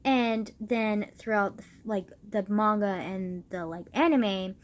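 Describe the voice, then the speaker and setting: A woman's voice: mid-range voice, slow pace. A young woman talking casually to camera as a vlogger, rambling with lots of "like" and swearing, getting worked up at times. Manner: rambling, heavy use of "like", swearing, gets worked up.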